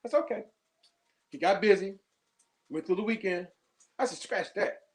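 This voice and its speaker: Male poet, high voice, animated storyteller, casual. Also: moderate pace. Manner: animated storyteller, acts out quotes. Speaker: poet, workshop student. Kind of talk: casual chat.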